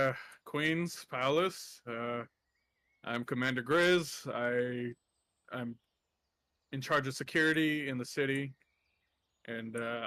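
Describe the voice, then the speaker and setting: A man's voice: mid-range voice, bright, forceful tone, no echo. A man voicing a tired, grumbling male bear guard commander in a tabletop game.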